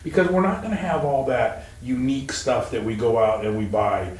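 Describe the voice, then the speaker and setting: A man's voice: medium pitch, normal speed, a little mellow. A man hosting a loose podcast conversation, rambling from one thought to the next with plenty of swearing. He sounds a bit off-mic in a room with noticeable echo, and a faint hiss sits underneath. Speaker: podcast host. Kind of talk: casual podcast chat. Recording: roomy echo, mic at a distance, faint noise.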